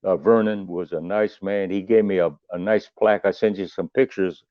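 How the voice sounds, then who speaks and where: A man's voice: low voice, fairly even intonation, moderate pace, dry recording. An older man spins loose, salty anecdotes, circling back and restarting as he goes. His voice comes through a thin, tinny phone line with no room sound at all. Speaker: podcast guest, musician. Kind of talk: casual storytelling.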